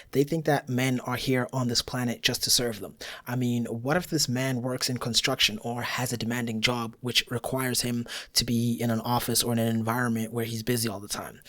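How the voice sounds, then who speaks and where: A man's voice: medium pitch, fairly bright tone. A man hosting a commentary show in a mid-range voice. He reads his script bluntly, with a dismissive edge. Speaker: commentary host.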